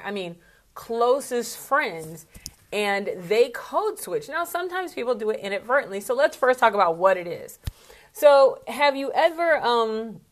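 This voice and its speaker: A woman speaking coach talking casually to camera in a vlog, chatty and candid, with plenty of asides. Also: mid-range voice.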